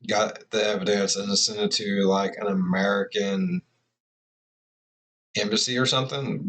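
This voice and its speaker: A man giving rambling, profane, casual commentary as a reaction video host. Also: on the low side.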